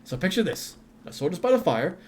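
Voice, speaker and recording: A man's voice: high-pitched, big pitch swings, a little fast, darkish tone, a little hiss or hum. A man voicing a boastful, cheeky young female paladin telling a camp story.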